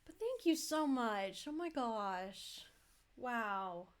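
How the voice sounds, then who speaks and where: A woman's voice: on the high side, expressive, extremely slow. A young adult woman streaming a game, chatting casually and rambling, thanking viewers effusively. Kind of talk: casual live-stream chat.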